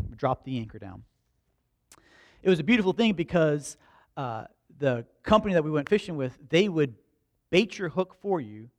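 A man preaching a sermon, telling stories in an animated, conversational and humorous way. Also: a little high, dry recording. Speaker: pastor. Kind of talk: storytelling sermon.

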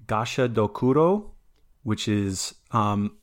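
A man's voice: lowish voice, animated, takes it slowly. Rambling casual male podcaster. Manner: rambling, many fillers and restarts. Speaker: podcast co-host presenting folklore. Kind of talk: casual chat.

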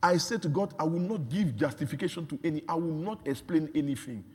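A man preaching a sermon, repeating phrases and building from quiet talk to shouts. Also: on the high side, fast talker, slightly rough. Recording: long hall reverb.

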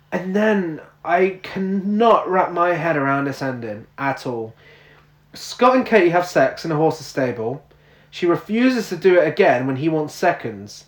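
A man's voice: on the high side, animated, a little slow. A man co-hosting a casual film review, recounting the plot with mocking disbelief. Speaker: podcast co-host. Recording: roomy echo.

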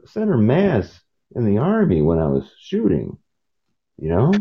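A man with a very deep voice that still swings up and down a lot, talks in a loose, rambling way, and hops from one story to the next. He acts out the people in his stories in quick bursts. He is recording from the cab of his truck while driving, and the sound is a little muffled and lo-fi. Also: wildly swooping pitch. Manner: jumps between topics and acts out quoted voices. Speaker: podcast host. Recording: dull lo-fi sound.

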